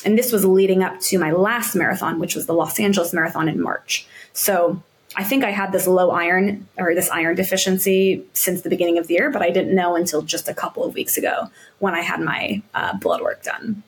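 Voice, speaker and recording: A woman guest on a podcast, a marathon runner and yoga instructor, chatting in a relaxed, upbeat way with many fillers. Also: lowish voice, brisk. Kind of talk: casual interview chat.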